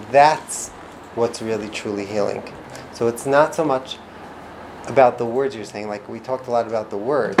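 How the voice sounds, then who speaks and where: In a noisy recording, a lively male instructor gives an informal talk on parenting and communication skills. He dramatizes quoted reactions with sharp pitch leaps, frequently starting over mid-thought and leaving phrases unfinished.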